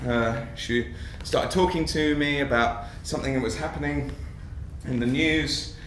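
A man performing a theatrical storytelling monologue, wry and lively as he speaks to the audience. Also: a little high, normal speed, roomy sound, far from the mic, a little hiss or hum. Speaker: solo stage performer.

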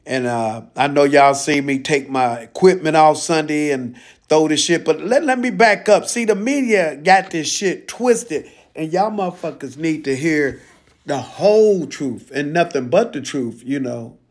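A proud, defiant pro football star, played by a man, unloads a profane, indignant rant. His voice sits high for a man, and he hits each point hard. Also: lively intonation, measured pace. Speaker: social media rant. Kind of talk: comedic impression monologue.

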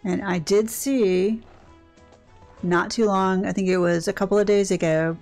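Older woman, gaming host, casual chatty commentary, gravelly creak, rambling, faint music behind. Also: mid-range voice, steady tone, measured pace, darkish tone. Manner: chatty, rambling, self-interrupting.

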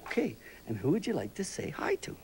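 An older man hosting a children's TV show, gently interviewing young kids in a chatty, rambling, fatherly way. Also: a little high, wildly swooping pitch, brisk, slight background noise.

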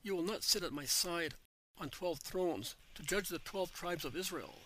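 A man voicing a gentle spiritual teacher in a storybook reading, speaking calmly and measuredly. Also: high voice, moderate pace, low-quality recording. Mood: tender.

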